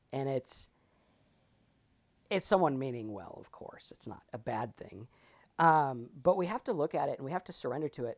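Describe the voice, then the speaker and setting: A man co-hosting a casual talk on sobriety and spirituality. His delivery is animated and emphatic, and he slips into playful character voices as he tells his stories. He curses freely. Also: mid-range voice. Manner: animated, acts out characters in anecdotes. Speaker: podcast co-host.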